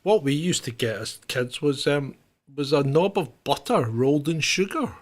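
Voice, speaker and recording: A man hosting a casual chat show, chatty and unhurried, talking to his viewers. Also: fairly high pitch, animated. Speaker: host.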